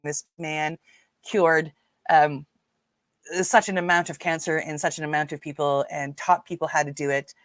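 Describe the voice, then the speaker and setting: A woman's voice: low-pitched, fairly even intonation, moderate pace, no room sound. A woman with a Newfoundland accent hosting a casual livestream, chatting with viewers and reading their comments aloud with lots of fillers. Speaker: livestream host.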